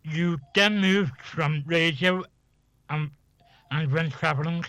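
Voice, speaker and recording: A man's voice: a little high, slow pace, sharp tone, no room sound. A man interviewing a guest, mostly short prompts and questions.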